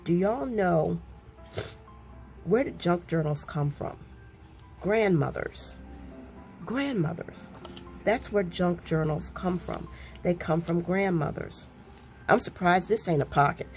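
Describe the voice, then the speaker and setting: A woman chatting casually to her viewers, gushing and excitable, often repeating herself as she talks. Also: lowish voice, unhurried, soft background music. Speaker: crafting vlogger.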